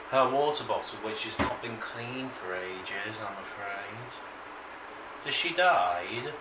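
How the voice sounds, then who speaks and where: A man rambling slowly to the camera in a casual vlog monologue, recorded at home. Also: mid-range voice. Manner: slow, meandering, talks to himself. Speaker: vlogger. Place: room at home. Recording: echoey room, distant mic, background noise.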